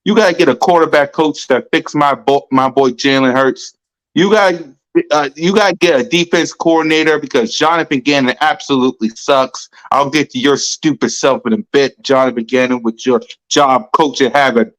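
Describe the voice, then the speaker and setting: A fired-up sports podcast host hammers points home, repeating lines for emphasis. The voice sits at an everyday middle pitch, and the delivery is loud, heated and blunt. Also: normal speed, poor audio. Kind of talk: ranting sports talk.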